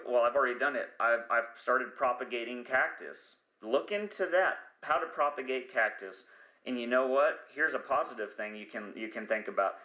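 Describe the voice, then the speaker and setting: A man's voice: medium pitch, pushed and bright, roomy sound. A man hosting a podcast, talking in a rambling, profane comedic monologue who sometimes loses his train of thought. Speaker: podcast host.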